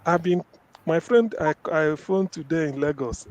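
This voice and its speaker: Emphatic man, slightly high voice. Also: moderate pace, darkish tone. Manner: emphatic, repeats words for stress. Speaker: caller giving a final statement. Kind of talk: casual discussion.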